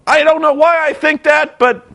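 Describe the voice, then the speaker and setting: A man's voice: extremely high pitch, steady tone, moderate pace, gravelly, pushed and bright, voice pushed up, heavily acted. A man voicing a cocky, oblivious male wrestler who talks in a smug, dismissive way.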